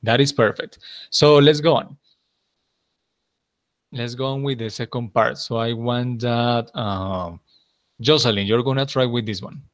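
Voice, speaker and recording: A man's voice: mid-range voice, a little slow, long pauses. A man teaching an English class, patiently repeating answers and praising his students.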